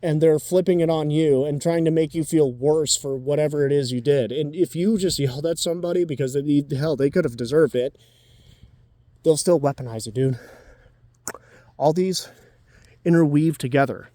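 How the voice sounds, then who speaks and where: A man's voice: on the high side, moderate pace, dark tone, dry recording. A man in his twenties giving dating advice in a blunt, profane, ranting casual monologue. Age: 20s.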